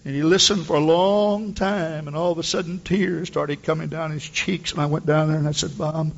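A man preaching a sermon as pastor, telling stories with fervor and rising to shouts at the peaks. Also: on the high side, steady tone, moderate pace, vocal fry, hardly any pauses, muffled recording. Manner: impassioned preaching, rising to shouts when quoting.

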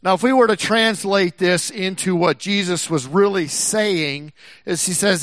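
A high-voiced man from Texas delivers a sermon at an unhurried pace. He preaches in a folksy, rambling way, circling back and restarting his sentences. The sound is dry and close. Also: a bit bright, no room sound. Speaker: pastor.

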